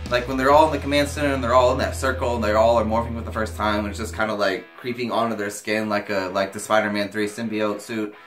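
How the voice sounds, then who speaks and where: A young man giving a casual movie review vlog, emotional and excitable, swearing freely as his pitch leaps when he gets worked up. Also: fast, hardly any pauses, soft background music.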